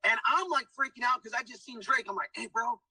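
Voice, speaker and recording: A man's voice: very high voice, lively intonation, fast talker, pushed and bright, breathy edge, no room sound, recorded from a distance, low-quality recording. A man giving an emphatic motivational testimonial, keeps saying guys and hyping people up. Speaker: testimonial speaker. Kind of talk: motivational pitch.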